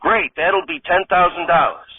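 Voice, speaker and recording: A man voicing a scheming drug peddler with smooth, matter-of-fact sales patter. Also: sits high, fairly even intonation, moderate pace, pitched above the performer's own voice. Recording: tinny phone-like sound.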